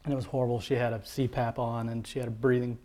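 A man earnestly telling a personal faith testimony as a father, halting, with many fillers and restarts. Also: medium pitch, level tone, mellow. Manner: heartfelt, devout storytelling.

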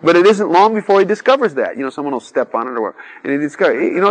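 A middle-aged man delivers an informal, chatty sermon full of asides, sprinkling in "you know" and acting out little quoted voices. His pitch is fairly high with big swings, and he races along. The recording is dry and rough.

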